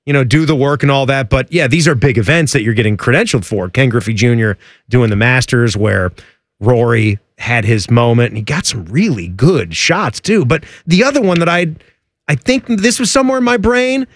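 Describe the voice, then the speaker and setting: Animated male sports radio co-host. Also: moderate pace, no room sound. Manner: animated, jumps high in pitch when joking. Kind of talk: casual sports radio chat.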